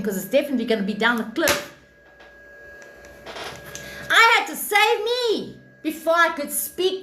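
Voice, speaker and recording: Brief: woman livestream host with a very high voice, blunt and profane and preachy, recorded in a roomy, echoey space. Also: bright, forceful tone. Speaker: live stream host, spiritual reader. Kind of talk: impassioned livestream monologue. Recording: echoey room with faint noise.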